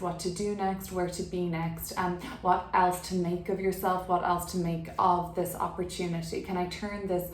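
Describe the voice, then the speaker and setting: A chatty woman with a low-pitched voice giving a casual tarot reading, talking freely with plenty of fillers. She records in an echoey room at home, with a faint hum behind her. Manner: chatty, filler-heavy, laughs easily. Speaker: tarot reader. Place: her apartment.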